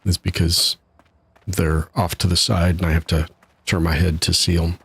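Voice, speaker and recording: A man's voice: deep voice, flat delivery, moderate pace, husky, dry recording. A man casually commenting while he streams a game live, chatty and laughing at his own troubles from his home setup. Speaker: gaming streamer.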